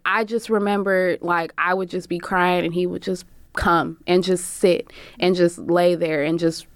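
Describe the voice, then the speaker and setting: A woman's voice: on the low side, steady tone, measured pace, smooth, no room sound. A woman, a barber and singer, telling her own story frankly with plenty of cursing, often acting out what other people said. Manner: frank and profane, many "like" fillers, acts out quoted voices. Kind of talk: candid personal storytelling.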